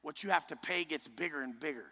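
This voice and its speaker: A man giving a motivational speech to a live group. He talks in a blunt, intense, heavily profane way and often pushes up to a shout. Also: a little high, quick pace. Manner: forceful, often rising to a shout. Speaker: motivational speaker. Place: large indoor event room. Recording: live hall speech with long reverb.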